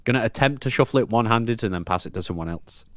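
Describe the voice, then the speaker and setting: A man's voice: mid-range voice, animated, fast, a bit bright, no echo. A man playing a tabletop role-playing game, describing his actions in a casual, rambling way full of fillers.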